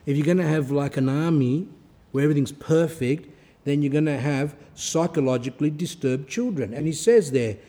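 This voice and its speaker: A man's voice: a little high, moderate pace, dark tone, in a large hall. A man giving an informal religious talk in a conversational way, repeating key words for emphasis and telling everyday stories.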